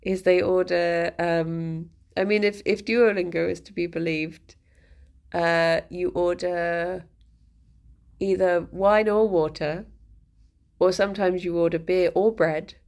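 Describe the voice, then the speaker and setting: A woman's voice: lowish voice, fairly even intonation, slow, a little mellow. A woman live streamer chatting casually with her viewers, rambling and self-deprecating, chuckling as she goes.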